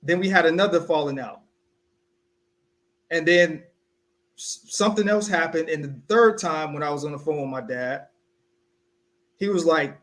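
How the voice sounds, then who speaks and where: A young man from South Carolina co-hosts a casual podcast, recounting a personal story in an animated, conversational way. His voice sits a touch higher than most men's, and he slips into the voices of the people he quotes. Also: normal speed, pauses often. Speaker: podcast co-host.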